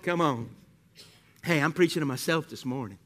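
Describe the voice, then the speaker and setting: A man preaching a sermon as pastor, animated and full of rhetorical questions that he tosses to the congregation. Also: on the high side, moderate pace.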